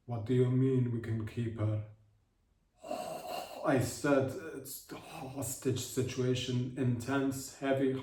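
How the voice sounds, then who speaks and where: A man voicing a blustering male militant leader bargaining over the phone, with an exaggerated put-on accent, talking slowly and insistently. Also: medium pitch, close to an everyday voice. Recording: roomy, voice far from mic.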